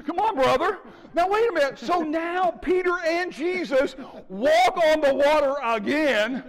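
Animated male preacher in a reverberant church. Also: very high voice, a little slow. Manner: animated preaching with audience call-outs. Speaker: pastor. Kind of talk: sermon. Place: church sanctuary. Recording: church hall with long reverb.

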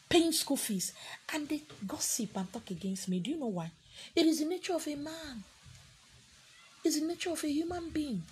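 A woman's voice: sits high, darkish tone. A Nigerian-accented woman speaking in a defiant, emphatic vlog monologue.

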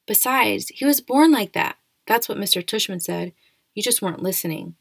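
A woman's voice: medium pitch, expressive, normal speed, vocal fry, husky, no echo. A woman voicing an eager young schoolgirl. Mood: scolding. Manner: eager, scolding when upset. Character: friendly, earnest ten-year-old schoolgirl.

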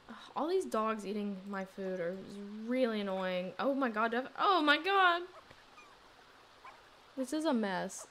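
A young woman giving casual let's play commentary on a life-sim game, reacting excitedly and dramatically to what happens on screen. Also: medium pitch, slight background noise. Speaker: gaming YouTuber.

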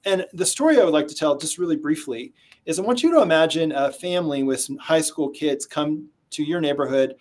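A man with a slightly high voice speaks fairly quickly while being interviewed as a sales trainer. He tells stories conversationally and animatedly acts out the people he quotes.

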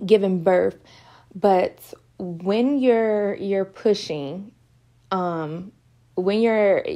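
An online Christian speaker with a warm, lowish voice gives her own talk of spiritual encouragement. She's earnest and emotional, repeats herself, and at times sounds close to tears.

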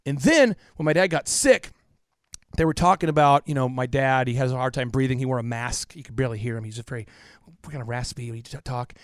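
A man in his thirties, a podcast guest telling stories with emphatic, repetitive energy that drops to a hush for emotional moments. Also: medium pitch, fast, no echo, studio quality. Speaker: podcast guest, business coach. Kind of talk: impassioned storytelling interview.

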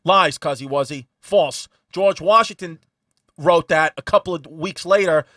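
A brash man with a New York accent tells history stories in a quick, cheeky patter. His voice sits high and bright. The sound is dry and close. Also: dry recording. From Bay Ridge, Brooklyn, New York. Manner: brash, profane, animated storytelling. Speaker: podcast co-host. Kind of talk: casual comedic history chat.

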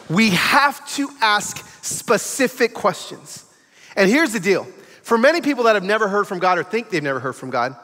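A man preaching a sermon as a guest preacher, telling stories in an animated way and acting out the quotes. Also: sits high, long reverb tail. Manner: animated storytelling with acted quotes. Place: large church sanctuary.

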